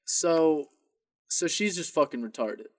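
A young man co-hosting a casual podcast, telling a story in an animated way, swearing and laughing often. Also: on the high side, takes it slowly, no room sound. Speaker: podcast co-host.

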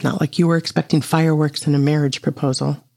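A storyteller reading an intimate audio story aloud in a slow, steady way. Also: mid-range voice, creaky, dry recording. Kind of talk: scripted narration of an audio story.

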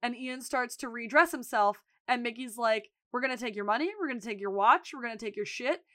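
A woman co-hosts a casual podcast, walking through scenes and acting out the characters' lines as she goes. Her voice sits a bit high, and the recording is dry and close with no room sound. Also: brisk, no room sound. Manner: animated retelling, acting out quotes. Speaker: podcast co-host recapping episodes. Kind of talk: casual chat.

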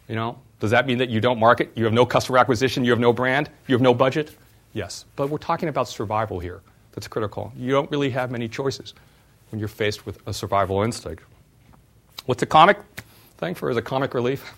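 A middle-aged man, a former startup CEO, giving a university talk and telling personal stories in an animated way. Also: mid-range voice, fast. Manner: animated storyteller, voice jumps up when retelling exchanges.

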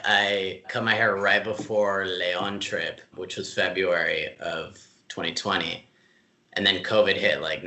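A man telling stories in a casual interview, relaxed and full of fillers, laughing easily. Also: deep voice, reverberant. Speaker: club staff member being interviewed.

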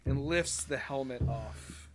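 A game master narrating a tabletop horror game in an animated, rambling way with many fillers. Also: mid-range voice, takes it slowly, a crowd in the background. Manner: animated, lots of filler, laughs a lot. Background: background music.

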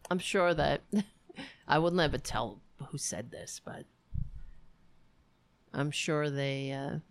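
A middle-aged woman chats to her live-stream audience, wry and rambling, full of quick asides. Her voice sits low and moves at an unhurried pace. The sound is dry and close, with no room echo. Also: vocal fry. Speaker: livestream host reading chat. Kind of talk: casual live-stream chat.

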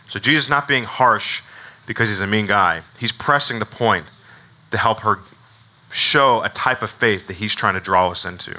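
Male pastor, very bright voice, casual sermon, lots of fillers and restarts. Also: lowish voice, a little fast, rough recording. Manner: conversational, many fillers and restarts.

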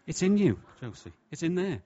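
A man preaching a sermon with humour, lively and jokey, slipping into voices for quotes. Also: on the high side, fairly quick. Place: church hall. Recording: dull, lo-fi sound.

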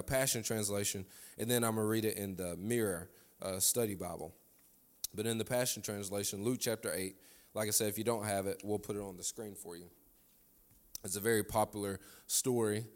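Fervent preaching man, lots of repetition. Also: on the low side. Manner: fervent call-and-response preaching, repeats phrases. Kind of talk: sermon.

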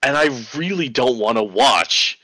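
A young man telling a casual story in a relaxed, dismissive way. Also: medium pitch, unhurried, no room sound, rough recording. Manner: laid-back storytelling, dismissive. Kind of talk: casual chat.

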